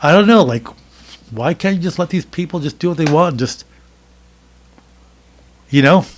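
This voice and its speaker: A man's voice: on the high side, expressive, normal speed. An American man co-hosting a podcast, talking casually and opinionatedly, with many fillers and restarts. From United States. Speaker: podcast co-host. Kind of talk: casual chat.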